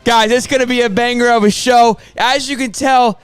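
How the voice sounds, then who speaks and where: A man hosting a sports live stream, hoarse after losing his voice, talking in a hyped, rambling way and calling out to "boys and girls.". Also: very high-pitched, steady tone, normal speed, no room sound, soft background music. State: hoarse, voice partly gone. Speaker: sports show host. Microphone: studio mic on a stream.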